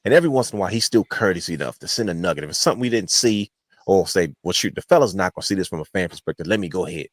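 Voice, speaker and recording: Male podcast co-host, lowish and dry, rambling storyteller. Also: rapid-fire, dry recording. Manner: long-winded storytelling, animated quotes. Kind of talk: casual chat.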